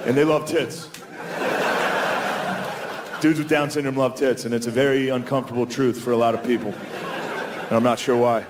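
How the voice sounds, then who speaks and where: A man's voice: mid-range voice, steady tone, moderate pace, long pauses. A man doing a stand-up comedy set, talking casually and profanely and calling everyone "dude.". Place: comedy club stage. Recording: live club recording, loud crowd noise. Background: loud audience laughter.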